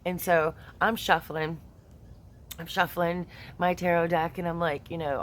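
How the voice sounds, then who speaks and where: Low-voiced chatty woman tarot reader. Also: a little hiss or hum. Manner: chatty and expressive, many fillers. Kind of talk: casual chat to camera.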